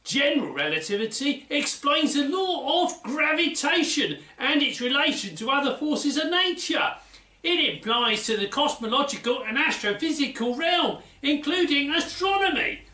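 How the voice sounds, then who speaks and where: A man's voice: very high voice, sing-song, normal speed, bright, forceful tone, pitched above the performer's own voice, full character voice. A man voicing a cheerful, know-it-all Australian man with a put-on Australian accent, earnestly explaining facts. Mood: lecturing. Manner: chirpy, earnest lecturing tone. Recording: roomy, mic at a distance.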